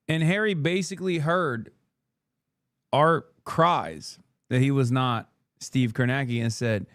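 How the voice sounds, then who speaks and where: A man's voice: medium pitch, slow, fairly bright tone, no room sound, clean studio sound. A man on a casual livestream, speaking in a wry, mocking way.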